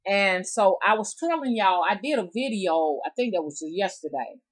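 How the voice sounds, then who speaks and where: A woman's voice: medium pitch, lively intonation, moderate pace, breathy edge, poor audio. A woman from the American South with a Southern drawl, telling folk tales in a rambling, chatty way straight to her viewers. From Southern United States. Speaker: rootworker storyteller. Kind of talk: casual storytelling vlog.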